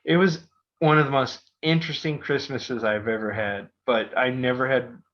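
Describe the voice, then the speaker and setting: A man's voice: medium pitch, fairly even intonation, normal speed. A middle-aged man hosting a podcast, telling a rambling story full of fillers and restarts. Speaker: podcast host. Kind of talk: casual storytelling. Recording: dull lo-fi podcast audio.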